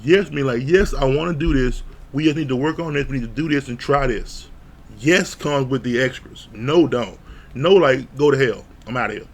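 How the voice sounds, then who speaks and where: A man's voice: mid-range voice, moderate pace. A man giving a blunt, profane, casual recap of a reality show, retelling scenes with mock quotes. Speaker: show reviewer.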